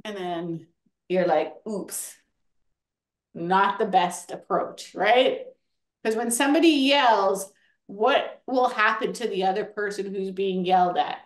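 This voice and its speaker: A woman hosting a children's workshop, encouraging and animated as she talks the kids through examples. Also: medium pitch, unhurried, echoey room. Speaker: workshop host. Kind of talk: lively classroom-style teaching.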